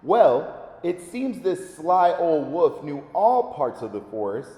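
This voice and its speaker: A man reading a children's story aloud, gentle and expressive, his voice slightly high and swinging widely. It sounds mellow and rings in an echoey room with a long reverb. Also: measured pace.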